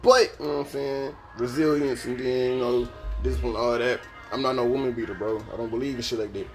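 A man's voice: medium pitch, fairly even intonation, fairly quick, soft background music. A young man, telling a podcast story in a casual, profane, laughing way. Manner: profane, laid-back, laughing asides. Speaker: podcast host.

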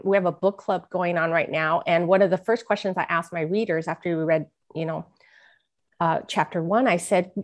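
A middle-aged woman, an author guest in a podcast interview, telling a personal story earnestly and acting out the voices of people she quotes. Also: lowish voice.

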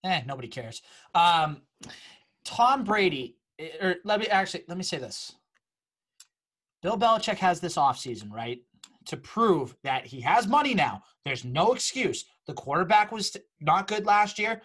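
A sports podcast co-host giving opinionated takes in casual chat, with quick dismissive asides. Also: mid-range voice, sing-song, fairly bright tone, breathy edge.

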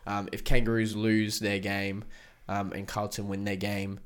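A man's voice: fairly low pitch, monotone, a little slow, smooth. A young man with an Australian accent co-hosting a casual sports podcast, teasing and joking. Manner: teasing, jokey. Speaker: podcast co-host.

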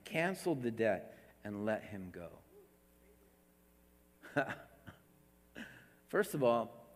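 Emphatic preaching man in a reverberant hall. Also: fairly high pitch. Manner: emphatic, repeats words, swings between loud and hushed. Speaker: pastor. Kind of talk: sermon.

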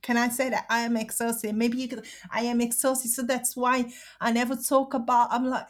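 Woman from Italy, slightly high voice, halting speech, near tears, repeats herself. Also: fairly even intonation. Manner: halting, laughs through emotion, repeats herself. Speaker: interviewee. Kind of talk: emotional personal interview.

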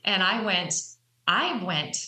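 A woman's voice: mid-range voice, very animated, slow, pushed and bright. A woman author being interviewed, telling her story in an earnest, candid way. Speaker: author and guest. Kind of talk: conversational interview. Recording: roomy echo.

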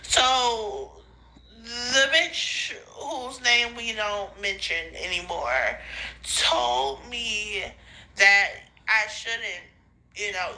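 A woman's voice: mid-range voice, pushed and bright, rough recording. A woman rambling in phone voice notes to a friend, swearing a lot, laughing and crying in turns and losing her train of thought. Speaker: podcast host sending voice notes. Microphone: phone voice memo.

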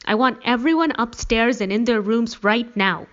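A woman reading the part of a stern middle-aged father who snaps and yells at his kids. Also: on the low side, expressive, normal speed, muffled recording, lightly acted. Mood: angry. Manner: loud, snapping, exasperated.

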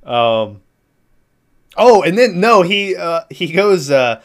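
A man's voice: high voice, very animated, slow pace. A man casually recapping a movie plot in a rambling, profane way, laughing now and then. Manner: rambling, profane, laughs through his retelling.

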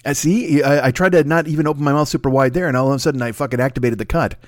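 A man hosting a solo podcast, rambling on in a fast, profane, self-mocking stream of talk. His voice sits at an ordinary middle pitch. The recording is close and dry, with no room sound. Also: dry recording. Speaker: podcast host.

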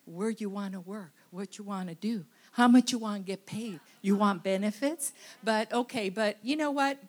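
A woman giving a tearful, halting testimony in church, full of restarts and fillers. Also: mid-range voice, a little mellow. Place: church sanctuary.

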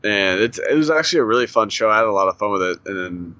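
A man's voice: lowish voice, expressive, fast talker, bright, forceful tone, no echo, muffled recording. A man in casual podcast chat, rambling through stories with lots of fillers and frequent laughs. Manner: rambling storyteller, many "like" fillers, laughs often.

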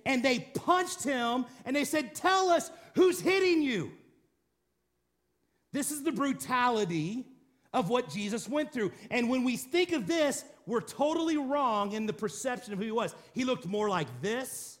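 A man preaching a dramatic sermon to a congregation, rising and falling between intense and quiet, low passages. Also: lively intonation, normal speed. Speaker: pastor.

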